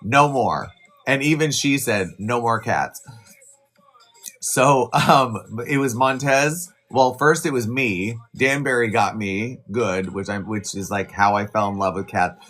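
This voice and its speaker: A man hosting a casual live stream, chatting in a rambling way with quick asides to his viewers. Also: medium pitch, a bit bright, faint music behind. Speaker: livestream host.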